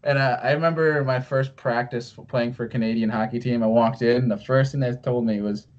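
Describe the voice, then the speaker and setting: A man's voice: mid-range voice, fairly even intonation, a little fast, muffled recording. A man hosting a podcast, chatting casually in an easygoing way and laughing often. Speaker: podcast host.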